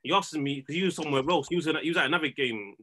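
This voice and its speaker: A man's voice: fairly high pitch, rapid-fire. A man, telling a story as a podcast guest in casual, slangy chat, often restarting his words. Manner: slangy, repeats and restarts words, animated retelling.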